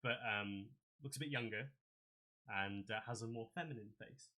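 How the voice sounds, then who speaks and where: A man running a tabletop game as game master. His low voice has a bright, forceful tone, and his descriptive narration is dotted with ums and restarts. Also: normal speed.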